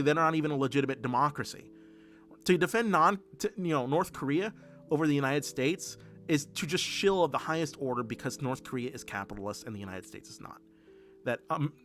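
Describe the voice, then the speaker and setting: A political streamer with a fairly high, fairly bright voice gives livestream commentary while reading the chat as he goes. He is heated and profane and often restarts his sentences.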